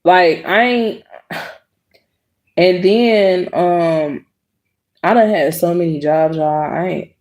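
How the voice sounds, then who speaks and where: A woman's voice: fairly low pitch, drawn-out words, long pauses. A young adult woman telling viewers a personal story in a blunt, profane, casual way, acting out what people said. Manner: blunt, profane, animated quoting. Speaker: host.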